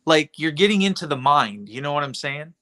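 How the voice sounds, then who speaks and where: A man hosting a livestream, talking in a rambling, indignant, animated way. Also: fairly high pitch, fairly quick. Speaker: livestream host. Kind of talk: casual livestream chat.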